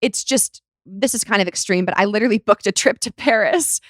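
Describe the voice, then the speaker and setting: A young woman hosting a chatty podcast, talking with an animated, expressive manner and slipping into quoted voices. Her voice sits at a middle pitch for a woman, recorded close and dry with no room sound. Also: a little fast, no echo. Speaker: podcast host. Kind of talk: casual chat.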